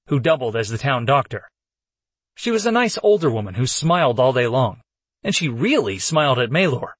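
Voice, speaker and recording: A man's voice: mid-range voice, husky, no room sound. A man narrating a first-person fantasy audiobook in a casual, wry way.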